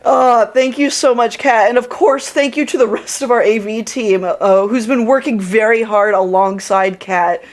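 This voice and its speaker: A woman's voice: a little high, normal speed, hardly any pauses. A woman hosting a livestream's closing remarks, thanking the team in a bubbly, effusive way. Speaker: convention staff host.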